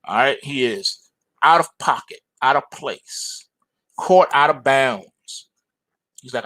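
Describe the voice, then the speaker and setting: A man hosting an end-of-day trading report, talking about the charts in animated, slangy commentary and joking about them as if they were people. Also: mid-range voice, takes it slowly, no room sound. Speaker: trading show host.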